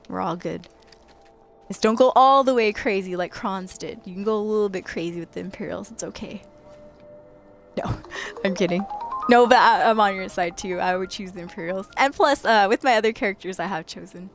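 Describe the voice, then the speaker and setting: Giggly young woman streaming a game. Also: medium pitch. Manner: chatty and giggly, talking to chat while playing. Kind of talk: casual late-night gaming livestream chat.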